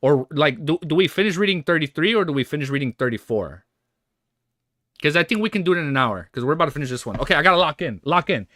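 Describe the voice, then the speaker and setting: A male livestreamer reading a novel aloud to his chat, breaking off into excited, chatty reactions between passages. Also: on the high side, fast, no echo, clean studio sound. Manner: reads narration steadily, then breaks off into excited chatty reactions.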